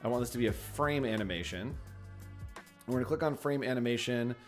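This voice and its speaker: A man's voice: mid-range voice, a little fast. A man co-hosting a live design stream, casually explaining each step as he works, with faint music behind. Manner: upbeat, explains steps while working. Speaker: co-host and designer.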